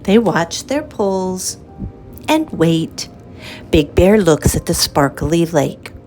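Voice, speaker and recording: Woman storyteller for kids: low, lively, unhurried, reading aloud over faint music. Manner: slow, lilting, expressive read-aloud. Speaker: children's storyteller. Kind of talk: reading a picture book aloud.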